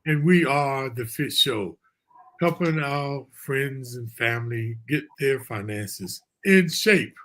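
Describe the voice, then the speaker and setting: A man's voice: mid-range voice, expressive, slow, a bit bright. A man hosting a casual live-stream talk show from a remote virtual studio, chatty and loose with folksy asides.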